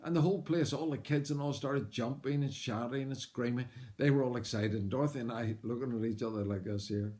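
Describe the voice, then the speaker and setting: A man's voice: mid-range voice, fairly quick. Northern Irish man telling his testimony. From Northern Ireland. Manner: earnest, animated retelling with frequent "uh" fillers. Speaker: missionary. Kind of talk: personal testimony storytelling.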